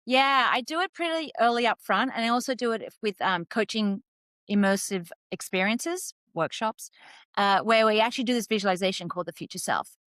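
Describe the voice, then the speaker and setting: A woman's voice: on the high side, brisk, no room sound. A woman from Australia with an Australian accent, a life coach guest chatting and laughing easily. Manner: warm and laughing. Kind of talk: casual interview chat.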